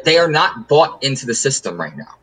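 Husky-voiced man hosting a sports podcast. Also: mid-range voice, big pitch swings, fairly quick, a bit bright, poor audio. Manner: emphatic, repeats words while building an argument. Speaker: podcast host. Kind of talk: casual sports podcast chat.

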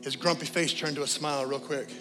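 A man preaching a sermon as pastor, telling lively stories and then leading a quiet prayer and altar call in a church. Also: a little high, quick pace, big-room sound, over music. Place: church sanctuary.

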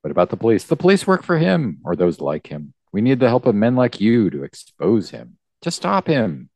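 A man reading aloud the lines of a young woman pleading for help, in his own low, unhurried voice. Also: huge pitch swings, a little mellow, dry recording, exaggerated voice. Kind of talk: reading comic dialogue aloud.

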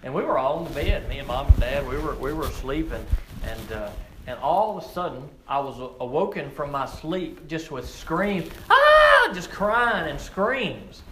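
A man's voice: a little high, expressive, normal speed. Earnest preacher, man, in an echoey room. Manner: earnest, repeats words, builds to emphatic peaks. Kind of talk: sermon. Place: outdoor or open church setting with frog croaking nearby. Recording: echoey room with faint ambient noise.

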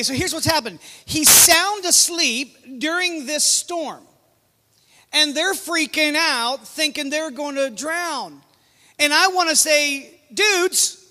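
A middle-aged man preaching a sermon as a guest speaker, in a lively, conversational way that calls out to the congregation. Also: very high-pitched. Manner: lively, conversational preaching with audience call-outs. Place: church sanctuary. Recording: long hall reverb.

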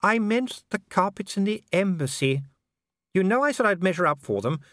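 A man voicing a refined, kindly noblewoman who coaxes her husband gently and practically. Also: high voice, sing-song, normal speed, dry recording, clean studio sound, pitched above the performer's own voice. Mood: brisk, concerned. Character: refined, kindly noblewoman, middle-aged wife.

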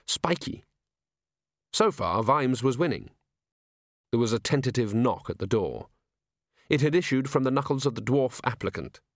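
A man narrating an audiobook with expressive, dry comic timing. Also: medium pitch, no room sound.

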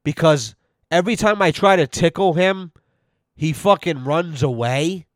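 A man's voice: a little high, measured pace, no room sound, studio quality. A man giving a mock-serious rant on his own show, profane and full of repeated "you know"s. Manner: profane, repetitive. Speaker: podcast host.

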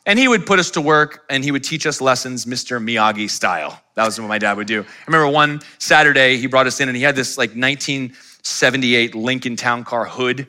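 A man in his forties preaching a sermon, telling personal stories in a conversational, animated way. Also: medium pitch. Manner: conversational, animated storytelling with quoted voices. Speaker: pastor.

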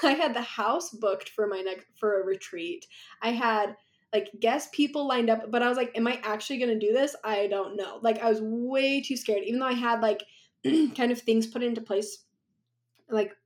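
Chatty woman, fairly high voice. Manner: chatty, rambling, laughs often. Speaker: podcast guest. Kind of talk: casual conversation.

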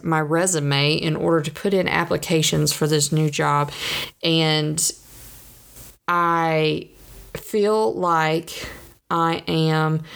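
A woman in her thirties chats on in a loose, wandering way and pokes fun at herself. Her voice sits a little low, with a steady gravelly fry. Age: 30s. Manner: chatty, rambling, self-deprecating. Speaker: vlogger. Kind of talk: casual monologue.

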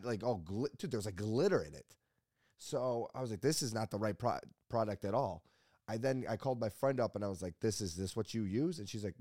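Rambling, self-mocking podcast host, dry sound. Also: male voice, on the low side, a little mellow, no echo. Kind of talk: casual podcast chat.

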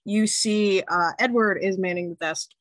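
A woman game master narrates a tabletop game in a relaxed, chatty, descriptive way. Her voice sits at a middling pitch. It sounds dry and close. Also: normal speed, dry recording.

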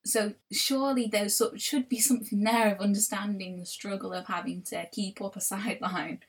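A woman's voice: medium pitch, steady tone, normal speed. A young woman co-hosting a podcast in casual chat, rambling and swearing with frequent restarts. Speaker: podcast co-host.

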